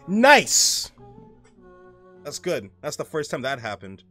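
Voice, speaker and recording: Animated young man chatting on stream. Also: a little high, takes it slowly, soft background music. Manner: rambling, animated, swears often, reads chat aloud. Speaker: live streamer. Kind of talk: casual live-stream chat while gaming.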